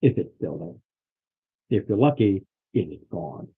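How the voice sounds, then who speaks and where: A man's voice: on the low side, sing-song, unhurried, gravelly, husky, exaggerated voice. A man voicing a grim, haunted father. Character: grim terrified father threatening adventurers. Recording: phone-like lo-fi recording.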